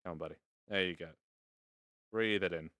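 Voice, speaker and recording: A man's voice: low voice, moderate pace, bright, forceful tone, no echo, clean studio sound. A man casually hosting a live stream from inside virtual reality, rambling and playful with some casual swearing. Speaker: VR streamer hosting a fashion show. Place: indoors in a home VR setup.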